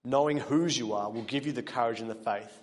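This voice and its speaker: A man delivers a sermon in a church hall, his mid-pitched voice carrying a long reverberant tail. He preaches earnestly, pushing up to emphatic peaks before dropping back quiet. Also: a little fast. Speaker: pastor.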